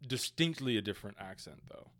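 A man's voice: fairly low pitch, fairly quick, dry recording, studio quality. A young man co-hosting a podcast, recapping a movie in casual chat, swearing freely and getting worked up. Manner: animated, profane, laughs often, acts out quotes. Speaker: podcast co-host.

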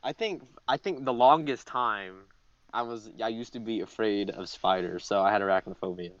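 A man's voice: lowish voice, moderate pace, fairly bright tone, no room sound. A man talking in a casual group chat from a closet, laid-back and joking, swearing constantly. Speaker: podcast co-host. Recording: dull lo-fi audio.

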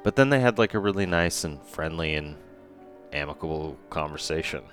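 Very deep-voiced, hesitant man. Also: lively intonation, fairly quick, fairly bright tone, soft background music. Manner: hesitant, thinking aloud with many fillers. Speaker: podcast co-host. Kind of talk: casual movie discussion.

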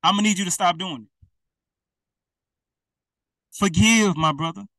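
Man preaching, high bright voice, dry room, a bit off mic. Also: measured pace, no echo, distant mic. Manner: colloquial, repetitive, direct address. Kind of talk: informal preaching to camera.

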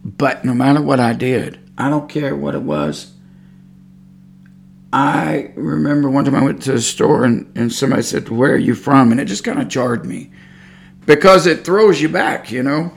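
A man's voice: medium pitch, moderate pace, creaky. Folksy rambling Texan man. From Texas. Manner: folksy, meandering storytelling with many fillers. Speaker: podcast host. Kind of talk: rambling religious podcast talk.

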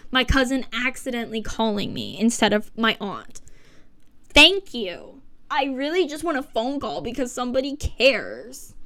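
A woman's voice: on the high side, very animated, moderate pace, pushed and bright, dry recording. A seventeen-year-old girl hosting her first podcast from her living room, rambling and self-mocking with sarcastic asides and swearing. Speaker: podcast host. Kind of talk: casual solo podcast chat.

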